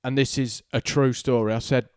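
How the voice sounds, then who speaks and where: A man chatting on a podcast, joking and telling stories from the tattoo shop. His pitch is mid-range and the sound is dry and close-miked, with no room around it. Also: level tone, clear, resonant tone, no room sound. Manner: joking storyteller, quick banter. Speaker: tattoo artist, podcast co-host. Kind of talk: casual podcast chat. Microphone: podcast microphone.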